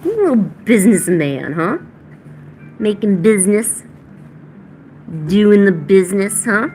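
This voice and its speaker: A woman's voice: medium pitch, big pitch swings, a little slow, long pauses, dark tone, soft background music. A woman chatting casually at home while painting, slipping into playful baby talk with her cats and teasing them. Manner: teasing, chatty, laid-back. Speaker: art streamer.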